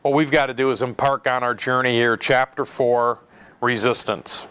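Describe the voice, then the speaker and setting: A man's voice: medium pitch, steady tone, moderate pace, bright, forceful tone, smooth. A male instructor teaching a classroom of students in an easygoing, conversational way. He repeats his key words for emphasis and throws questions out to the room before answering them himself. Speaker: college electronics lecturer. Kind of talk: classroom lecture.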